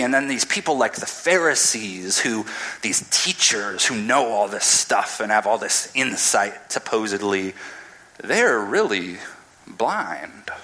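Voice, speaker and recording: A man's voice: fairly low pitch, pushed and bright, poor audio. A man giving a casual, humorous sermon, retelling a scripture story dramatically.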